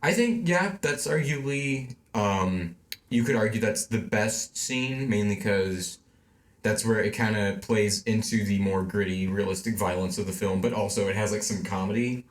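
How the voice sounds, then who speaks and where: A man's voice: lowish voice, moderate pace. A man co-hosting a casual amateur film podcast, rambling and filling with "like" as he chats. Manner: rambling, heavy use of "like". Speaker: podcast co-host. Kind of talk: casual chat. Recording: roomy echo.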